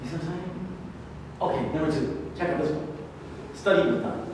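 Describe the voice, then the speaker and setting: A man with a slightly high voice lectures a class in a casual, conversational way, repeating key phrases and firing off rhetorical questions. He stands far from the mic in a large hall with long, heavy echo. Steady noise sits under his voice. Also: fairly quick. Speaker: religious class instructor.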